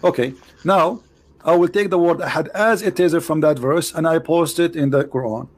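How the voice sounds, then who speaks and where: A man hosting a debate with a caller, teasing and mocking, repeating himself and swinging between loud jabs and low asides. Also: moderate pace. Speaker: show host debating a caller.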